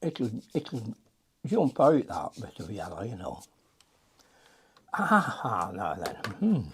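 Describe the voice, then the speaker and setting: Gravelly older man teaching watercolour. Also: fairly low pitch, wildly swooping pitch, takes it slowly, a bit bright. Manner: chatty, mutters to himself while painting. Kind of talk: casual painting demonstration.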